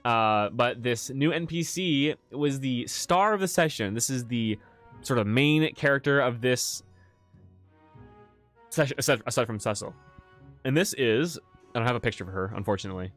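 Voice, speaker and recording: A man's voice: mid-range voice, normal speed. A man in the role of game master, talking casually on a livestream. His voice sits in an ordinary middle range, and his easygoing talk is full of asides and jokes at his own expense. Faint music hums in the background. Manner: relaxed and chatty, laughs at himself. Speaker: game master and channel host.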